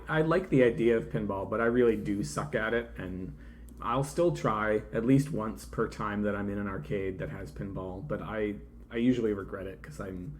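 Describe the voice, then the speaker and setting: A man's voice: fairly low pitch, slight background noise. A man co-hosting a casual podcast chat, prompting the other host and dropping dry, wry quips.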